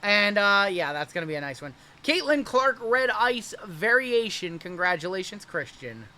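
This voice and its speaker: A man's voice: sits high, very animated, bright, forceful tone. A man hosting a live card-break stream, chatting casually as he opens packs and reacts to each pull. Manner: chatty, upbeat, and quick to react to pulls.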